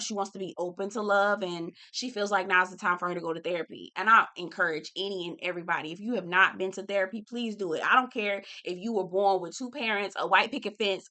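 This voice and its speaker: Young woman doing a reality show recap, bright clear voice, blunt and chatty, talks right to the viewers. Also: mid-range voice. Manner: candid, chatty, swears and talks to viewers as "girl" and "y'all". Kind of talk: casual chat.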